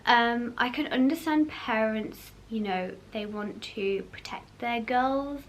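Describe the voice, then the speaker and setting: Young woman vlogging, high-ish voice, lots of "you know" and laughing, faint hum in the room. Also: takes it slowly. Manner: chatty, lots of fillers and laughter. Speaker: vlog host. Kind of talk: casual chat to camera.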